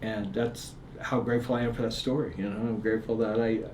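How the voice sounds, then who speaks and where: A man's voice: lowish voice, quick pace. A middle-aged man, a guest author, telling a story in conversation and acting out the people in it. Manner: animated storyteller acting out dialogue. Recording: echoey room, faint ambient noise.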